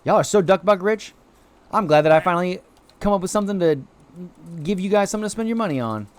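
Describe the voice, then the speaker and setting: An excitable man streaming a game live, chatting with viewers as he plays. His voice sits a little high and swings widely, leaping up in bursts of excitement. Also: fast, dry recording. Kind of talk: live gameplay commentary.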